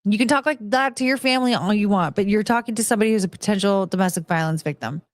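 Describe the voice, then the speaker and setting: A woman's voice: mid-range voice, rapid-fire, a little hiss or hum. A woman hosting a reaction video, commenting in an exasperated, incredulous way.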